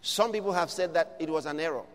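A man preaching a sermon, building from steady teaching to shouted declarations. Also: on the high side, quick pace, in a large hall.

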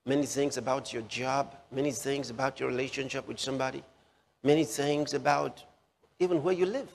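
A man preaching a sermon, slow and repetitive, with emphatic rises on key phrases. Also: medium pitch, fairly even intonation, vocal fry. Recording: long hall reverb.

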